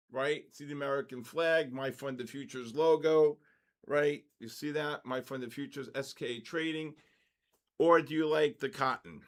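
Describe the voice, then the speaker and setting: An older man hosts a casual trading livestream, chatting loosely and breaking into excited shouts when the markets move. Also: on the high side.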